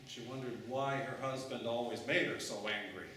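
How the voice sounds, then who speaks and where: A man's voice: medium pitch, normal speed, fairly bright tone, slight background noise. A man preaching a sermon through dramatic storytelling. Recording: echoey room, mic far off.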